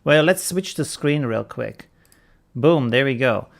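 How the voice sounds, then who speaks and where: A man's voice: mid-range voice, expressive, unhurried, creaky. A man with a German accent hosting a casual live stream, greeting viewers by name and chuckling often.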